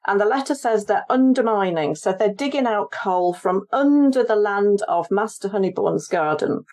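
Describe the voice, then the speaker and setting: A woman's voice: mid-range voice, expressive, moderate pace, a little mellow. A woman author and historian being interviewed on a podcast, explaining her research in a chatty way and laughing easily.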